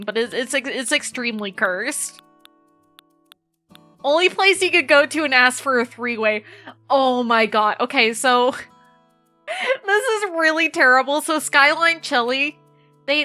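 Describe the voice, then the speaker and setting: Bright, high-voiced woman streamer. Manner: chatty, animated storytelling with frequent swearing. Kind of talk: casual chat while playing a game.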